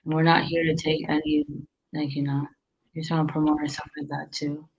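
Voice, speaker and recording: Low gravelly casual woman. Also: flat delivery, brisk, rough recording. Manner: rambling, many fillers and restarts. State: tired, yawning. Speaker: restaurant owner giving business tips. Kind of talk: casual chat.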